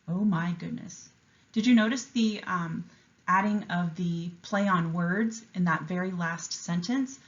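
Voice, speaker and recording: A woman teacher reading a picture book aloud with an expressive, enthusiastic delivery and explaining a writing lesson to young students. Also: on the low side, a little slow, lo-fi sound.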